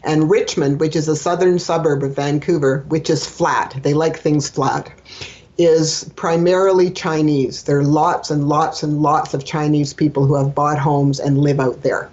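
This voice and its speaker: A woman from Canada, a guest on an interview podcast, explaining things in a steady, friendly way. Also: low voice, a little slow, muffled recording. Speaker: guest, dental hygienist and communication trainer. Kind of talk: casual interview chat.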